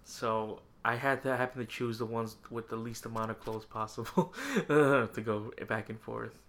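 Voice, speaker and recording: A man with a bright, forward voice talks through stories in a loose podcast chat. He laughs easily and often, keeping an easygoing pace. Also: mid-range voice, moderate pace. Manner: laughs often, relaxed storyteller. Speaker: podcast co-host. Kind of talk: casual chat.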